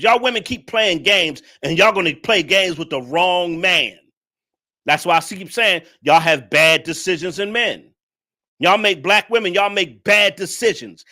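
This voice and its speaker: A man lectures his livestream audience, scolding and repeating himself over and over. His voice is bright and tense and sits a little high. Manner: preachy, scolding, repetitive. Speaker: livestream commentator. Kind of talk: ranting livestream commentary.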